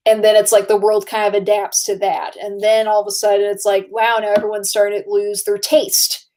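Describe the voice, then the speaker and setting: A woman co-hosting a podcast in casual chat, relaxed and chatty and laughing often. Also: mid-range voice, brisk. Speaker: podcast co-host.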